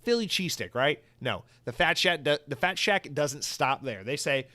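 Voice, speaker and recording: A man's voice: a little high, expressive, normal speed, sharp tone, no echo. A young man hosting a solo podcast, rambling and swearing with comic exaggeration. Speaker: podcast host.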